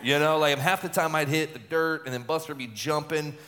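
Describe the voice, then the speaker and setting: A man who is a retired relief pitcher, telling a story in an interview with chatty, repeated words and lively bits of acted-out speech. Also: fairly quick. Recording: long hall reverb.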